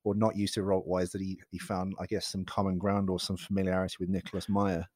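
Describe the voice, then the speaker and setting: A low-voiced man thinking out loud as an interview guest, his points drifting and correcting themselves as he goes. The sound is dry and close. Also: little pitch movement, fast talker, dry recording. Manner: reflective, rambling, self-correcting. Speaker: actor guest. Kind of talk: casual interview chat.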